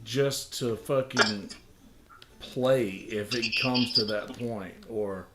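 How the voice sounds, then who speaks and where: A man's voice: medium pitch, slow pace, noisy background. A man hosting a casual livestream chat, joking and rambling with lots of fillers. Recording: roomy echo.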